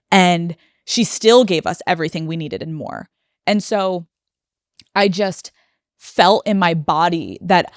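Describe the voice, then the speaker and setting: A young woman hosts a solo podcast from a studio and talks about something personal. Her voice sits fairly low and comes through smooth and clear on a dry, close studio mic. She sounds emotional and confessional, close to tears. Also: no echo. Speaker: podcast host. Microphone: studio microphone.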